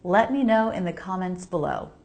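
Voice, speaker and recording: An American woman teaching English pronunciation, slowly repeating each word for the listener to copy. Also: on the low side, darkish tone. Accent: General American. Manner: slow, precise, repeats words for practice. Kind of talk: pronunciation lesson voice-over.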